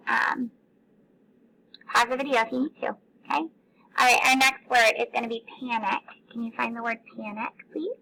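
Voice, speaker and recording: A woman teacher leading a recorded phonics lesson for young children, patient and encouraging, sounding out words slowly. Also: fairly high pitch, creaky, pushed and bright, rough recording.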